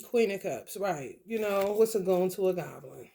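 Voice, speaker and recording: A woman's voice: fairly low pitch, animated, normal speed, vocal fry, dark tone. A woman giving a casual tarot reading who talks bluntly and profanely, repeats her phrases and laughs often. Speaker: tarot reader.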